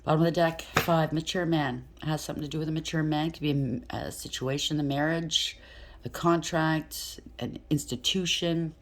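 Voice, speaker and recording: A woman's voice: sits low, a little hiss or hum. A woman giving a casual tarot reading, chatty and blunt, thinking aloud and swearing freely. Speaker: tarot reader.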